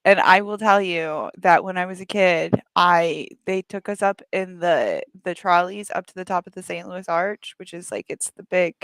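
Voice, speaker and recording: A woman's voice: lowish voice, normal speed, few pauses, clear, resonant tone, dry recording. A woman from the American Midwest co-hosting a podcast, telling rambling stories full of fillers. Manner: rambling, filler-heavy storytelling. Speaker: podcast co-host. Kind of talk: casual chat.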